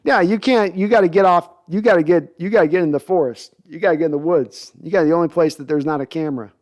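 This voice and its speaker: Reading through viewer comments on his sports podcast livestream, a man chats casually and makes fun of himself. He talks fast in a fairly high-pitched voice.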